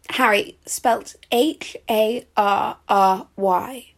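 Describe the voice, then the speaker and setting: A young woman reading a string of short everyday sample lines for a name test, shifting between scenarios clearly and deliberately. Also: fairly high pitch.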